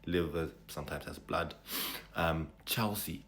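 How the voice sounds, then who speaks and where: Deep-voiced man chatting. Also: fairly even intonation, moderate pace. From Zimbabwe. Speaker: video creator. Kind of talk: casual explainer to viewers.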